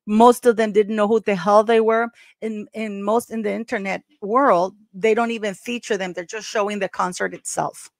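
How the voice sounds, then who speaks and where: A woman's voice: medium pitch, fairly even intonation, normal speed, dry recording. A middle-aged woman hosting a commentary vlog, talking bluntly and scornfully straight to her viewers. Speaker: commentary channel host.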